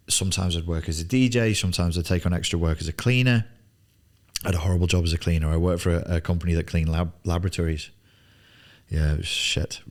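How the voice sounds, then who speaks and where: A man in his forties coaching on business in a blunt, emphatic studio monologue, swearing freely and repeating words for emphasis. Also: sits low. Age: 40s. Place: television studio.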